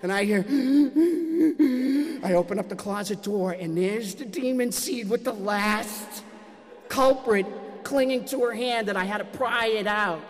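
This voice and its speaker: A man telling a personal story to a live audience, animated and self-mocking. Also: high-pitched, normal speed. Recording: long hall reverb.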